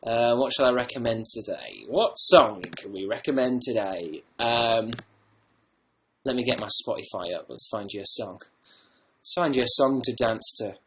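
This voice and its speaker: A young man from the north of England, his accent softened, rambling casually and swearing now and then as he reads viewer comments on his livestream. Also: medium pitch, normal speed, slight background noise. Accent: northern English, softened. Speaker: livestream host.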